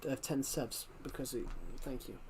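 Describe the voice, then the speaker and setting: A man's voice: medium pitch, steady tone, moderate pace, slight background noise. A young man with a working-class southwest England accent, chatting casually on a live stream, rambling and repeating himself as he reads the chat aloud.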